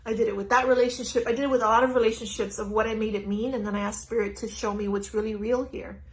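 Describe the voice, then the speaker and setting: A middle-aged woman giving an earnest, animated live-stream talk as a spiritual teacher, speaking into her phone. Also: on the high side, quick pace, a little hiss or hum, poor audio. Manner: earnest, animated, laughs easily. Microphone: phone on a stand.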